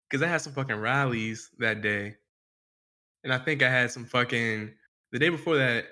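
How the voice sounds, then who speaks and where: A man co-hosting a podcast, spinning a laid-back story in slang-heavy casual chat. His voice is bright and forceful, with a medium pitch. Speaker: podcast co-host.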